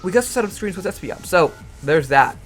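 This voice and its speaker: A young man with a fairly high voice rambles through a casual analysis of his picks. He stumbles, repeats words and cracks self-mocking asides, with music playing softly underneath. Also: expressive, brisk. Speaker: YouTuber and league coach. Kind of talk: casual draft analysis commentary.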